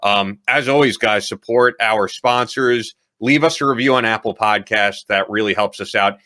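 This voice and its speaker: A man hosting a podcast, wrapping up the show in a relaxed way and asking listeners for reviews. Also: fairly low pitch, moderate pace. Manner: relaxed, plugs sponsors and reviews. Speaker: podcast host. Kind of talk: show wrap-up and plugs.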